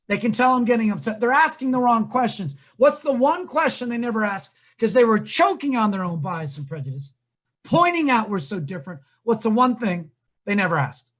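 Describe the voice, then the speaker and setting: A man's voice: extremely high pitch, moderate pace. A man, a diversity trainer, giving a humorous storytelling talk and quizzing his audience. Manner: animated, comic, asks the audience questions.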